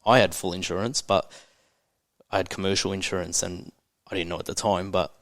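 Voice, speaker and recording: A man's voice: low-pitched, steady tone, brisk, fairly bright tone, no echo, studio quality. A man in his thirties with an Australian accent, a podcast guest speaking candidly and bluntly, with frequent swearing and open emotion. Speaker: entrepreneur guest.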